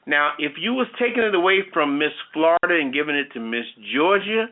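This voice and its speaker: A man's voice: fairly high pitch, animated, fairly quick. A man hosting a talk show, rambling in casual chat full of "you know". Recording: tinny phone-like sound.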